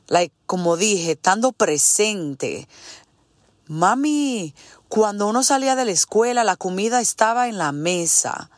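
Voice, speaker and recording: A woman in her late thirties hosting a podcast. She tells a personal story in an energetic, heartfelt, reflective way, slowing down and pausing on key words. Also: mid-range voice, dry recording. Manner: pauses and slows on key words. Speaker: podcast host.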